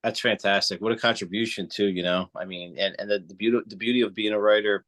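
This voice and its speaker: A man's voice: on the low side, steady tone, fast talker, fairly bright tone. A man in his forties hosting an interview, enthusiastic and encouraging toward his guest. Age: 40s. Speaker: podcast host. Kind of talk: casual interview chat.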